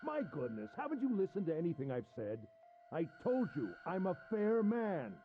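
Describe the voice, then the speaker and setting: A cruel, theatrical villain sneers and drags out his taunts, as a man puts him on. The voice sits high and swoops wildly between notes, with a mellow, darker tone. The sound is a little dull and lo-fi, over quiet game music. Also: wildly swooping pitch. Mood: gloating, mocking. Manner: mocking, theatrical, drawn-out taunts. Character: cruel gloating male villain captor.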